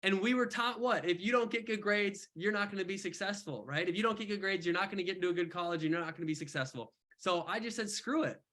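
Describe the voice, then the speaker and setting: Bright-voiced man telling a lively story. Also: high voice, fast, few pauses. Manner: animated storytelling, casual slang. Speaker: mentor speaker. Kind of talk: casual motivational talk. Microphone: online call.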